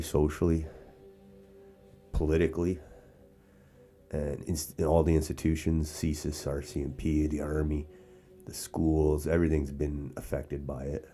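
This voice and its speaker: Man from Canada, extremely deep pitch, rambling political commentary, frequent restarts. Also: mellow. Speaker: host. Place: outdoors or casual setting in Sarnia.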